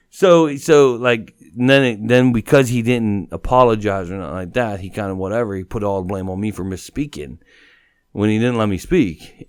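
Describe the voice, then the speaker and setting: A low-voiced man tells a story as a podcast guest. He talks in an animated, rambling way and swears freely. The recording is dry and close. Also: no room sound. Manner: animated, swearing, repeats "you know what I mean". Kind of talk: casual storytelling.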